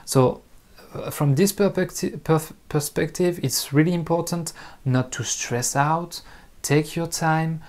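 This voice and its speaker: A man with a French accent, a native French speaker, talking slowly and carefully to camera as an online French teacher, with many pauses and restarts. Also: on the high side, a little mellow. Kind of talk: casual talk to camera.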